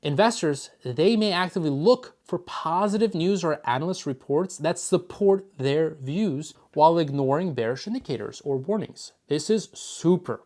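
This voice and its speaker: A man's voice: on the high side, normal speed, hardly any pauses. A man from Philadelphia teaching an options trading course, talking emphatically and repeating his points. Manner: emphatic, repetitive, pumps up his voice when excited. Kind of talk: course lecture to camera.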